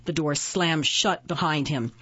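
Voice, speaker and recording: A woman narrating a fantasy story in a steady, measured reading. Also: deep voice, breathy edge, highs cut off. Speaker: audiobook narrator. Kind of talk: scripted narration.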